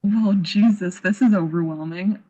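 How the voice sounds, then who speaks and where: A woman playing a tabletop game, talking casually in an excitable way with frequent laughs. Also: medium pitch, moderate pace, muffled recording. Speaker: player.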